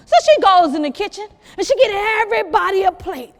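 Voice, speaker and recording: A woman's voice: very high voice, fast talker, hardly any pauses, big-room sound. A woman, telling stories live and teasing the listeners as she talks to them. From South Carolina. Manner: lively, teasing, talks straight to the crowd. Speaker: storyteller. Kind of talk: live storytelling to an audience. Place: museum program room.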